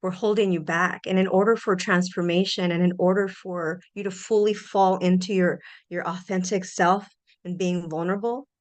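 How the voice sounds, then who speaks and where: On her podcast, a middle-aged host shares her own reflections with earnest animation, frequently starting her sentences over. Her pitch sits in the middle range.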